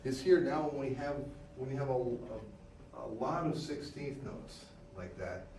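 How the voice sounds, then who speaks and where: A man's voice: medium pitch, lively intonation, moderate pace, a little mellow. Man coaching a band, scatting rhythms. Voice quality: sings rhythms in scat syllables while explaining. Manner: repeats and restarts phrases, patient. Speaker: band instructor. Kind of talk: rehearsal coaching. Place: rehearsal room with band. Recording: echoey room from far off, noisy.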